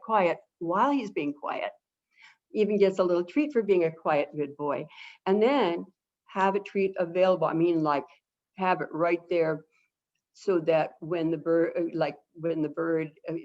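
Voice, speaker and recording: Chatty lower-voiced woman, dull webinar audio. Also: normal speed. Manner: chatty and animated, acts out talking to birds. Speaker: avian behavior consultant, guest expert. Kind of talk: webinar advice, answering viewer questions. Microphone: video call.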